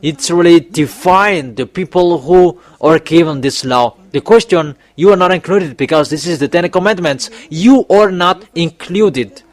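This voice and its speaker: A man preaching a sermon in an emphatic, exhorting way, repeating his points and pausing on fillers, his voice climbing sharply when he warns his listeners. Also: a little high. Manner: emphatic exhorting, voice rising on warnings; repetitive, with fillers and restarts.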